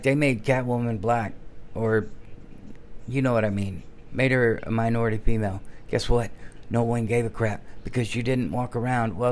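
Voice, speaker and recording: Heated man ranting, slowing for emphasis. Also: medium pitch, darkish tone, a little hiss or hum. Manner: heated, emphatic, slows to stress words. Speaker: commentary channel host. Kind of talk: casual opinion rant.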